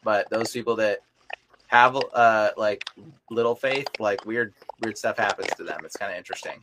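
A young man chatting casually on a podcast as a deliverance minister, telling animated stories full of filler words. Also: on the low side, moderate pace. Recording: noisy live recording with clicks.

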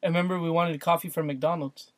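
A man's voice: fairly high pitch, fairly even intonation, fast talker, no room sound. A young man from California, co-hosting a podcast and chiming in to finish the other host's stories. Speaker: podcast co-host. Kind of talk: casual chat.

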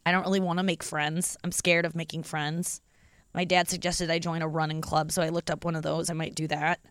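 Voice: medium pitch, flat delivery, a little fast, fairly bright tone, smooth, no room sound, clean studio sound. A podcast host in their thirties, from the St. Louis area, talking in a candid, confessional, rambling way with lots of fillers. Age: 30s. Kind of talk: casual solo podcast monologue.

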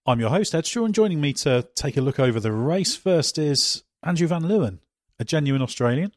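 A man hosts a motorsport podcast in a casual, jokey, teasing way, frequently restarting his sentences. His voice is a little high with lively intonation, and he talks a little fast. The recording is dry, clean studio sound.

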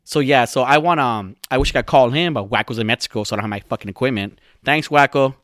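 A man's voice: mid-range voice, quick pace, fairly bright tone, no room sound, clean studio sound. A young man hosting his own podcast alone, rambling and swearing as he mocks his friends. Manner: profane, rambling, mocking. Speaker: podcast host. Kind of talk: solo podcast rant.

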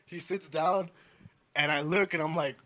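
A man's voice: a little high, steady tone, a little slow, pushed and bright. A young man in casual chat, telling funny stories with lots of laughter and acting out his friends' voices.

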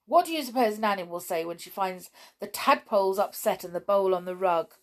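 A sensible toy boy who tells the others off, as a woman reads him. He speaks urgently in a raised voice, sharp and disapproving. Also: medium pitch, fairly quick, close to an everyday voice. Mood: scolding. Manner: urgent and scolding.

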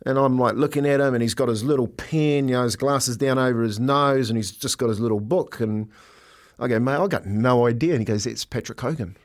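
An older man, co-hosting breakfast radio and telling a story in animated, rambling chat full of fillers. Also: medium pitch, brisk.

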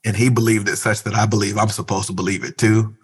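A man's voice: on the low side, fast talker, slightly rough. A man who is a pastor, speaking earnestly and reflectively in a conversational interview. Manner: earnest, reflective, breaks into animated imitations.

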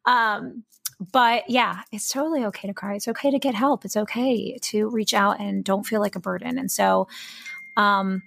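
Woman, podcast co-host, chatty and rambling, gravelly, dry. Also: mid-range voice, normal speed, no echo. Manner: chatty, warm-hearted, rambling with fillers. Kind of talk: casual chat.

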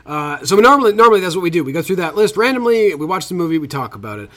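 A man's voice: high-pitched, sing-song, very fast, sharp tone. A man co-hosting a podcast, chatting casually and rambling a little with laughs. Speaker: podcast co-host. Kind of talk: casual chat.

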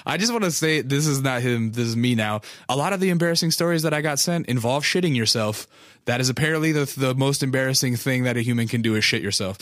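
A man's voice: medium pitch, animated, quick pace, fairly bright tone, dry recording. Young guy podcaster, rambly and crude, laughs at himself, dry mic. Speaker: podcast host. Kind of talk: casual storytelling monologue.

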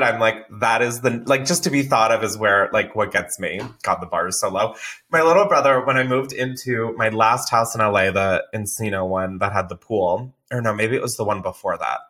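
A man hosting a podcast in casual chat, laughing often and telling stories with swearing and animated energy. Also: mid-range voice. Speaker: podcast host.

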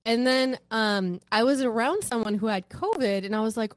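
A woman chatting casually on a podcast, telling dating stories with lively acted-out quotes. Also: a little high, normal speed, few pauses, no echo. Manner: animated storyteller, acts out quotes.

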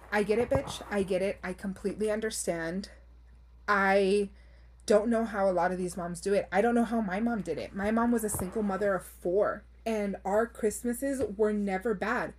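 A woman's voice: medium pitch, normal speed, a little hiss or hum. A young woman hosting a podcast, reading listener stories aloud and reacting bluntly, swearing freely, laughing often and slipping into Spanish phrases. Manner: code-switches into Spanish phrases. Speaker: podcast host.

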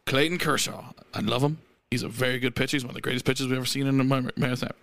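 A man doing an impression of a loud, ranting male sports pundit on a podcast, shouting and stretching his words. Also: medium pitch, fairly even intonation, gravelly. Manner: shouting, emphatic, drawn-out words.

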